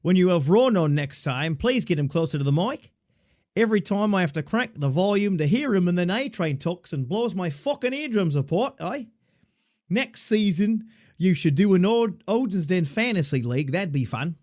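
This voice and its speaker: A man's voice: high-pitched, lively intonation, moderate pace, darkish tone, voice pushed up. A man reading out a listener's note in a put-on Australian accent, playing a cheeky, foul-mouthed male fan. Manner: cheeky, crude, drawling.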